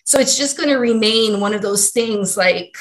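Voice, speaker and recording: A woman's voice: a little high, moderate pace, a bit bright. A woman from Hawaii, a podcast guest, telling a personal story in an earnest, heartfelt way.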